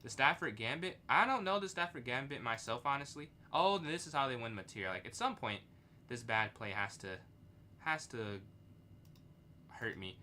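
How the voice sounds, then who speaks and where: A man's voice: medium pitch, moderate pace, a little hiss or hum. A young man streaming chess live, thinking aloud about his moves and answering chat. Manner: thinks aloud, reads chat, excitable outbursts.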